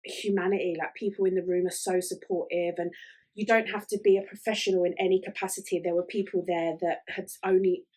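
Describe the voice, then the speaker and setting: A woman talks through her solo podcast in a relaxed, chatty way, often stopping on "um" and "like". Her voice sits a little low for a woman. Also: a little fast. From Ireland. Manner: chatty, with many fillers like "um" and "like". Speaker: podcast host. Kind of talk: casual solo podcast chat.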